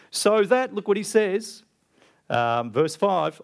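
Australian male preacher, slightly high voice, emphatic sermon delivery. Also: measured pace. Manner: emphatic, rising to loud animated stresses and quoting Jesus with big pitch jumps.

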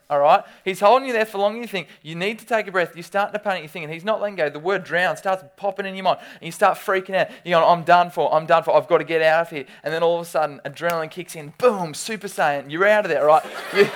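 A preacher, giving a sermon with animated storytelling and quick restarts. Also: medium pitch.

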